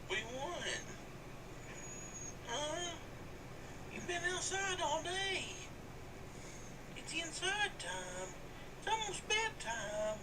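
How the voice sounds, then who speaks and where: A very high, swooping sing-song croon, as a man talks baby talk to his dog. It drawls slowly and coaxingly, heard from well back from the mic with clear noise behind it. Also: expressive, full character voice. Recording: distant voice with clear background noise.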